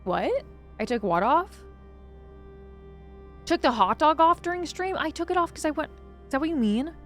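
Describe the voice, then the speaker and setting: A young woman streaming a game live, chatting casually and dramatically with her viewers, swinging from excitement to mock sadness. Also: high voice, normal speed. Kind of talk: casual live-stream chat while gaming. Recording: faint music behind.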